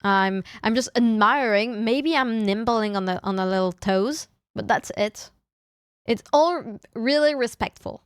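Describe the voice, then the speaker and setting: Young adult woman, VTuber streamer; unhurried, teasing delivery with stumbles and restarts, dry close sound. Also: fairly high pitch, clear, resonant tone, no echo. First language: French. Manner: playful teasing, frequent restarts and fillers. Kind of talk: casual livestream chat.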